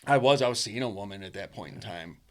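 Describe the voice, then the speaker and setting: A man's voice: lowish voice, animated, fast talker. A man telling his life story as a podcast guest, blunt and profane, rambling with restarts and lots of "dude" and "like". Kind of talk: casual storytelling.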